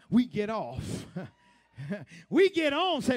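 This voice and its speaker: A pastor preaching a sermon and telling a story, with lots of repetition, call and response with the congregation, and now and then bursts of shouting. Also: male voice, extremely high pitch, takes it slowly, breathy edge. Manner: animated storytelling, laughs often.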